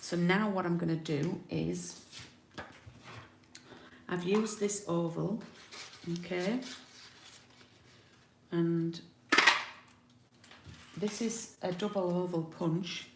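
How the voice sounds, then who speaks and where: Card-making demonstrator from the UK: a low, gravelly woman who chats and thinks aloud in a roomy room. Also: steady tone, drawn-out words, pauses often, darkish tone, a little hiss or hum. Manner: chatty, thinks aloud while working. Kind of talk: live craft tutorial. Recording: roomy home recording.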